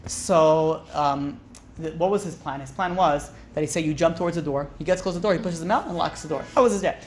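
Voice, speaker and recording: A rabbi rattles through old stories at a brisk clip, slipping into the voices of the people in them. His talk is loose and casual, full of fillers, with a faint hum in the background. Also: fairly high pitch. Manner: animated, acts out characters' lines with casual fillers. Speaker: rabbi teaching a class. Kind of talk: storytelling lecture.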